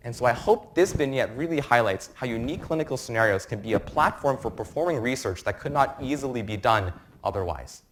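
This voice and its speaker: A young man in his twenties gives a science talk to a live audience in a lecture room. His voice sits at an ordinary middle pitch, and his explanations are quick and informal, with a faint hum of room noise behind him. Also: lively intonation, a bit bright. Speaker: medical student presenter. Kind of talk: academic lecture presentation.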